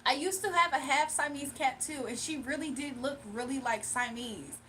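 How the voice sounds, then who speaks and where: A young woman chats loosely with her livestream viewers in a high, lively voice, gushing and laughing as she goes. She sits a bit back from the mic, with a faint hiss of background noise. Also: normal speed, distant mic. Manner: chatty and bubbly, gushing and laughing often. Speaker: livestream host. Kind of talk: casual livestream chat with viewers.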